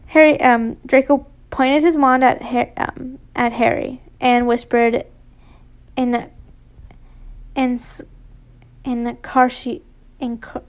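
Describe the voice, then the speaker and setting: Slow, high-pitched woman reading fanfiction. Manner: stumbling, self-correcting, with asides. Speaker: fanfiction reader. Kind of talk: casual reading of a fanfiction story.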